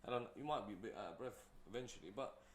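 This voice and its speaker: In a relaxed interview, a guest entrepreneur tells rambling stories packed with filler words. He has a lowish, animated voice and speaks rapid-fire, with reverberation on the audio.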